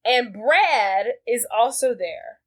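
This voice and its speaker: A woman co-hosting a podcast, recapping a movie in casual chat with a slangy, profane, animated manner. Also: on the high side, takes it slowly. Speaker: podcast co-host.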